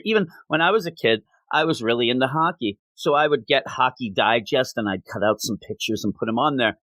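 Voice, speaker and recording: A male podcast host talks through a comic story in a relaxed, conversational way, often slipping into quoted lines. His pitch sits in the middle, and the close podcast mic gives a dry sound with no room echo. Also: fairly quick, hardly any pauses. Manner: conversational, recapping and quoting dialogue. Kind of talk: casual comic book review.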